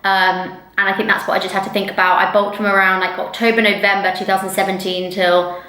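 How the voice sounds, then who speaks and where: A woman's voice: medium pitch, flat delivery, quick pace, bright, forceful tone, reverberant, rough recording. A young woman vlogging to camera in casual chat, chatty and rambling with lots of fillers, recorded on a camera mic. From England. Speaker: fitness vlogger.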